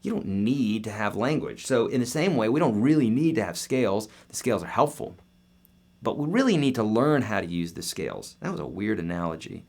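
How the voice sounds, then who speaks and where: A man's voice: on the low side, sing-song, a little fast, darkish tone. Chatty man teaching guitar live. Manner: chatty and upbeat, answering viewer questions. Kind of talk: casual live-stream lesson. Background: guitar playing.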